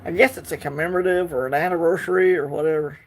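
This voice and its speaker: A man's voice: a little high, fairly even intonation, quick pace. A man with a Southern US accent hosting a casual livestream, chatting easily and answering viewer comments as they come in. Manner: chatty, easygoing, talks back to the chat. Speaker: livestream host.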